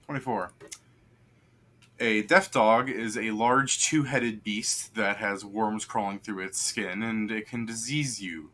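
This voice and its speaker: A man's voice: on the low side, steady tone, slow pace, bright, forceful tone. A man acting as game master, narrating a tabletop game casually and rambling with lots of fillers.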